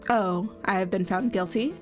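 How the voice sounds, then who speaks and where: A woman voicing an arrogant male rooster prosecutor in a game, haughty and condescending, with soft music behind. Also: mid-range voice, normal speed, natural voice.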